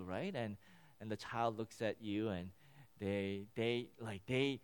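A man preaching a sermon, teaching through a scripture passage in an animated way, often repeating and restarting words. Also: medium pitch, moderate pace. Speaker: pastor.

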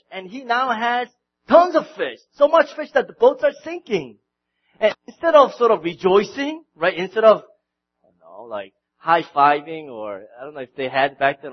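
A man preaching a sermon, swinging from loud outbursts to quiet, intimate passages and often repeating his words. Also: sits high, slightly rough, lo-fi sound. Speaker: pastor.

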